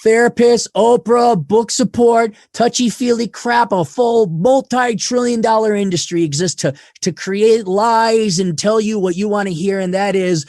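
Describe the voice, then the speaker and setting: A man being interviewed on a podcast, blunt and profane, swinging from loud rants to low asides. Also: normal speed, few pauses, dry recording, clean studio sound. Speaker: podcast guest.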